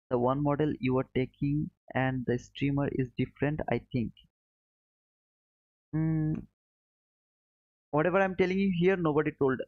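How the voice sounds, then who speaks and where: A man with a non-native English accent hosting a live trading stream, explaining slowly, repeating points and answering viewers by name. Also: mid-range voice, a little mellow, dry recording, dull audio. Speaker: livestream trading host.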